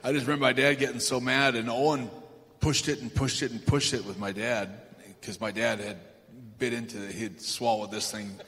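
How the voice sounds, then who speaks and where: A man being interviewed on a live stage, telling anecdotes in a rambling, halting way with lots of fillers and chuckles. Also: medium pitch, steady tone, a bit bright. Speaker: guest. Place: large event hall stage. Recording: reverberant hall, faint ambience.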